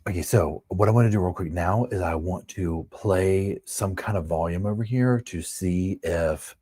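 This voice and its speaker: A man hosting a casual livestream, chatting to viewers in a quiet, hushed voice at home on a wireless microphone. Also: low voice, moderate pace, breathy edge, dry recording. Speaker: livestream host. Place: at home with neighbors next door.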